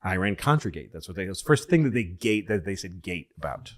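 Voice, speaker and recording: Man, lowish voice, casual storytelling, rambling, self-correcting, swears. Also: sing-song, fast talker.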